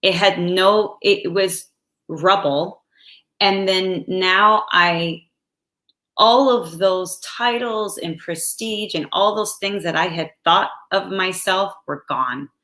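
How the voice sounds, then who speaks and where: A woman guest telling her personal story slowly and softly, with halting pauses. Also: fairly low pitch. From United States. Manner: slow, soft-spoken and halting. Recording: echoey room.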